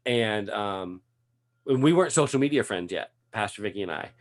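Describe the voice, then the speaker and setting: A man hosting a casual catch-up chat, telling a story in a lively way with frequent laughs and restarts. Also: lowish voice, moderate pace. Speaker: podcast host.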